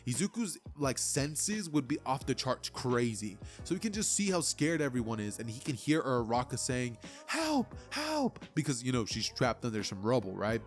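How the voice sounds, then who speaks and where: A man's voice: medium pitch, animated, normal speed, hardly any pauses, soft background music. A young man casually narrating an anime fan story in a loose, chatty way full of fillers.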